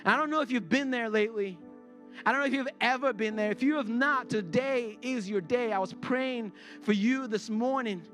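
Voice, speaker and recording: A man's voice: extremely high pitch, moderate pace, fairly bright tone, faint music behind. A man in his forties, a pastor preaching a sermon to his congregation. He speaks earnestly and confessionally and repeats words when worked up. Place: church sanctuary before a congregation.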